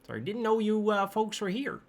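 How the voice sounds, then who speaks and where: A man's voice: mid-range voice, sing-song, unhurried, fairly bright tone, slight background noise. A man voicing a cheerful, slightly flustered small-town woman in a tabletop game. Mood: cheery. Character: chipper small-town woman clerk, friendly, sleepy.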